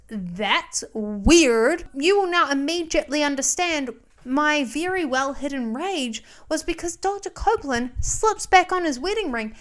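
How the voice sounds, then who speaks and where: A woman vlogger giving a casual movie recap, chatty and sarcastic, wandering off on tangents. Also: high-pitched.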